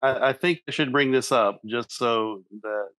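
A man, a father, co-hosting a podcast from a home studio, halting and repeating words in casual chat. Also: medium pitch, fairly bright tone, dry recording.

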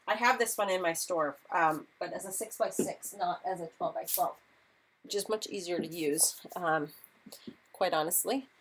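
A woman's voice: fairly low pitch, a little hiss or hum, rough recording. A woman in her thirties hosting a live craft tutorial, chatty and a little flustered, apologizing often as she works. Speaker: craft demonstrator.

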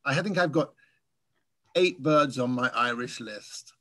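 A man from England whose accent has drifted toward American, telling birding stories in a relaxed Q&A over a video call. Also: mid-range voice, unhurried. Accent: English, softened by years in America. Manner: chatty, anecdotal, laughs while telling stories. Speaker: guest speaker. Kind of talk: casual Q&A chat.

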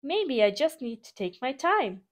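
A woman's voice: high-pitched, big pitch swings, measured pace. A woman voicing an eager young boy steam train who boasts in a bouncy way. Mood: boastful.

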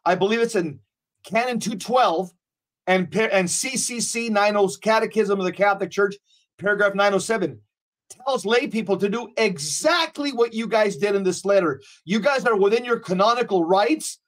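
High-voiced man, emphatic co-host. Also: normal speed, a bit bright. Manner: emphatic, with frequent fillers. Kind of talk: casual commentary.

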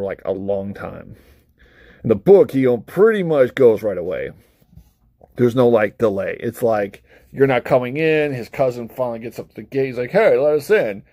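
A man's voice: medium pitch, dark tone, no echo. A man talking casually to camera as a vlogger, rambling and swearing freely, with frequent laughs between thoughts. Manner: rambling and profane, with frequent laughs and acted-out asides. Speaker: vlogger reviewing books and films; parent of a young child. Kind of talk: casual unscripted chat to camera.

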